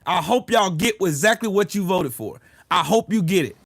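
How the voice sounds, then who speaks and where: A man's voice: high-pitched, lively intonation, normal speed, creaky, a bit bright, dry recording. A man hosting a livestream, delivering a heated, profane political rant and answering chat comments. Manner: profane, heated, repetitive ranting. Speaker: livestream host.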